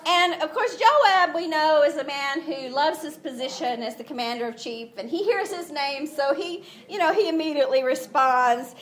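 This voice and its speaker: Lively high-voiced woman preaching. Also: normal speed, hardly any pauses. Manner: animated storytelling, acts out voices, laughs often. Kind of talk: sermon.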